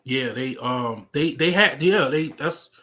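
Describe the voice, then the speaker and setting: A slow-talking American man in a loose, rambling monologue. He leans on a steady stream of fillers and swears freely, and his voice sits at an ordinary middle pitch. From United States. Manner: rambling, heavy fillers, profane. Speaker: vlogger. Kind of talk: casual monologue.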